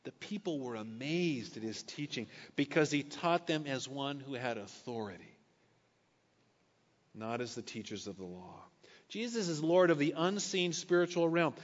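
Pastor in an echoey hall. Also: male voice, mid-range voice, moderate pace. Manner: conversational asides between scripture readings. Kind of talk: sermon. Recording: echoey hall, dull lo-fi sound.

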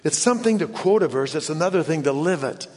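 A man preaching a sermon in an earnest way, often dropping to hushed low tones for emphasis. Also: expressive, quick pace. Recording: long hall reverb.

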